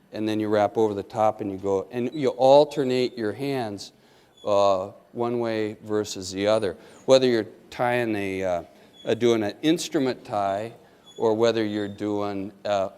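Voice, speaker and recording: A man's voice: on the low side, darkish tone, clean tone. A man, a surgeon, giving a live hands-on demonstration to an audience, coaching step by step in a folksy, joking way and checking in often. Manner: coaching, keeps checking in with "okay?". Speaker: surgeon teaching knot tying. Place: lecture hall with an audience. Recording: long hall reverb.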